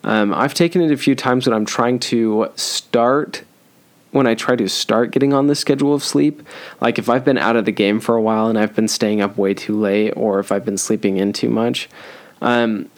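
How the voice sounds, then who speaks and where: A young man hosting a solo podcast, giving advice in a loose, joking way with frequent ums and restarts. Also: lowish voice. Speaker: podcast host.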